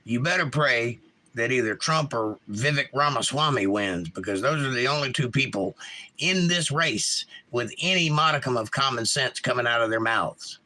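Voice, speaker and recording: On a casual live stream, a man with a mid-range, bright voice speaks at a moderate pace in an animated, forceful tone. He's opinionated, reading viewers' chat messages aloud and talking back with blunt takes.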